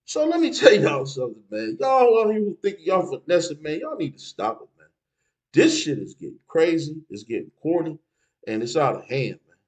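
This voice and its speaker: A man's voice: fairly high pitch, very animated, normal speed, darkish tone, poor audio. A man giving street advice in a casual, preachy monologue, dropping "man" between phrases.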